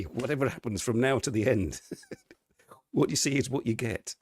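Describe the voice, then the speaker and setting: A man's voice: fairly low pitch, animated, measured pace, no echo. A middle-aged man chatting casually on his live stream from his living room, greeting viewers and laughing often.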